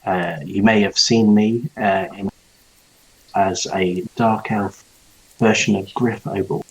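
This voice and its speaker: A boastful dark elf player speaks slowly in a husky, lowish voice, pausing often, as a man plays him. He brags in this tabletop role-play. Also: steady tone, heavily acted, poor audio. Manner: slow, halting, giggly.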